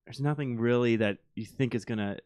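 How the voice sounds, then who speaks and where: A man's voice: mid-range voice, a little fast, a little mellow, clear, resonant tone, no echo, studio quality. A man running a tabletop game as game master, narrating and laughing often.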